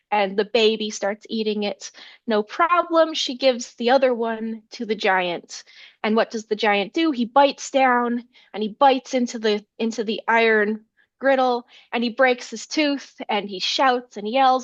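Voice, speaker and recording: A woman scholar retells an old folk tale with animation, slipping into the characters' lines as she goes. Her voice sits a little high. The video call audio is dry and slightly dull. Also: dry recording. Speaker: folklore scholar, interview guest. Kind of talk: storytelling in an interview.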